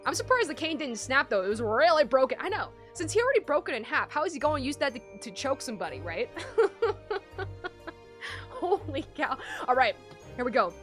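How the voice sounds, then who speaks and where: A woman streaming a video game, chatting casually with excitable, slangy reactions. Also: high-pitched, normal speed, faint music behind.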